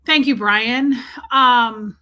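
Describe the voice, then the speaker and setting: A woman's voice: a little high, extremely slow, pushed and bright. A woman hosting a casual livestream, chatting and rambling while greeting viewers by name. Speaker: livestream host.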